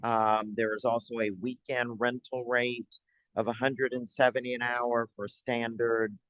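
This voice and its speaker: Male staff presenter at a city board meeting, mid-pitched, chatty and upbeat, dry room. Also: flat delivery, measured pace, fairly bright tone, dry recording, rough recording. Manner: chatty, upbeat, stops mid-sentence to find papers. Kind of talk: public board meeting update.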